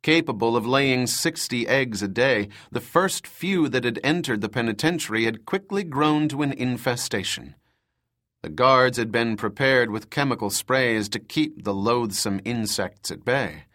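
A man narrating a dark thriller audiobook in a measured, dramatic reading style. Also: medium pitch, expressive. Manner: slow, measured, dramatic reading with voiced dialogue.

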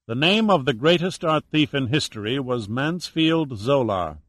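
A man's voice: mid-range voice, animated, moderate pace, fairly bright tone, no room sound, lightly acted. Man reading a confident male investigator.

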